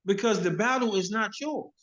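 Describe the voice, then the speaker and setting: A hip hop artist speaking as an interview guest over a phone video call, preachy and emphatic, often repeating himself. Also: male voice, high voice, moderate pace, a bit bright. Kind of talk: casual interview. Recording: dull lo-fi phone audio.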